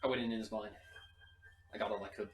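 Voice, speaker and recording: A player in a tabletop game, talking in an animated way and laughing often. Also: medium pitch, fast talker, background noise. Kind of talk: tabletop play. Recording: roomy echo, distant from mic, music behind. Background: music.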